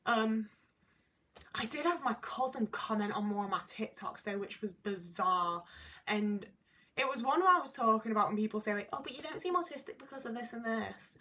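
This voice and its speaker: A woman's voice: medium pitch, bright, forceful tone, slight background noise. A young woman talking candidly to camera in a casual vlog, rambling and filling her speech with "like". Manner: candid, rambling, frequent "like" fillers. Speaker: YouTuber.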